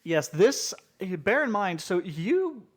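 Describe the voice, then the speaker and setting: A man's voice: high-pitched, big pitch swings, slow pace. A man hosting a casual podcast chat, leading with questions and often restarting his sentences. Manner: leads with questions, rambling restarts. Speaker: podcast host.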